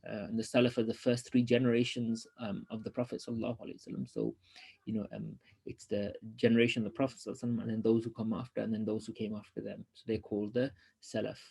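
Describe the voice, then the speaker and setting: A man teaching an online lesson, reading passages from a religious text quickly and then explaining them in a loose, hesitant way full of ums. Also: lowish voice, creaky, darkish tone, slightly rough.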